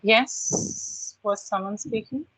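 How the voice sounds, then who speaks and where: A woman's voice: medium pitch, takes it slowly, fairly bright tone, dry recording, poor audio. A woman with an Indian English accent giving an online university lecture, explaining points and asking her students rhetorical questions.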